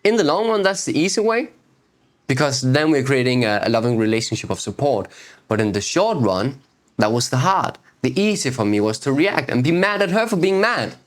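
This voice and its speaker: A man with a mid-range, sing-song voice hosts his own video series, giving a reflective spiritual teaching talk. He takes his time, circling back to repeat key phrases and posing rhetorical questions.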